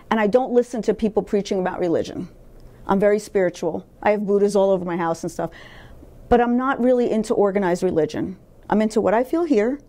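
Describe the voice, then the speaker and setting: A woman's voice: mid-range voice, a little mellow. A middle-aged woman talking candidly in an interview, emphatic and blunt, swearing freely as she tells her life story. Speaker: interview guest.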